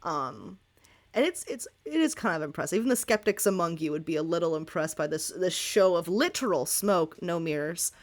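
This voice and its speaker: A woman narrating a tabletop game as game master, lively and laughing often. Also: on the low side, moderate pace.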